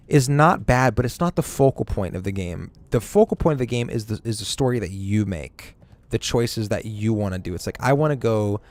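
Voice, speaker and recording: A young man chats on a stream, getting excited and swearing as he circles back on his own sentences. His pitch sits in the middle, and faint music plays under his voice. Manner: excited, profane, rambling with restarts. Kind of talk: casual gaming chat.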